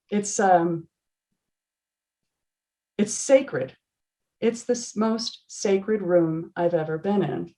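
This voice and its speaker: A woman's voice: medium pitch, drawn-out words, pauses often. Earnest woman telling a story on a video call. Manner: earnest, animated storytelling with laughs and restarts. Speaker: yoga teacher in prisons.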